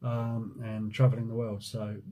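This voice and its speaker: A man's voice: fairly low pitch, monotone, a little slow, mellow, slight background noise. A middle-aged man from Jersey with a mixed Jersey accent, chatting casually as he answers viewer questions about his window cleaning business, joking and humming as he reads. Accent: Jersey, mixed with time in the USA. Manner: chatty and joking, reads questions aloud, hums while scrolling. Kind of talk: casual Q&A vlog.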